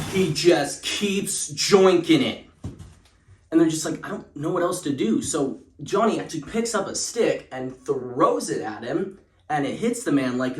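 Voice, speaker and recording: A man's voice: fairly high pitch, echoey room. A young man telling a parody spooky story in a rambling way, with lots of fillers and restarts.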